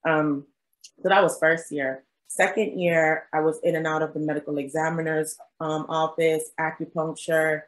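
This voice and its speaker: A young woman physician tells her story in a relaxed interview, her voice sitting on the low side. She slips into acted-out quotes and laughs as she goes, chatty and animated. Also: moderate pace, rough recording. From South Jersey. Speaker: guest, physician.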